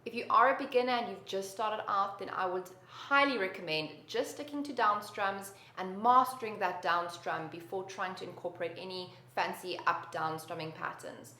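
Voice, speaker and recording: A woman's voice: mid-range voice, normal speed, hardly any pauses. A woman teaching a beginner guitar lesson with patient, encouraging instruction. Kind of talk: guitar lesson with counting and singing. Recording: roomy echo, loud guitar behind.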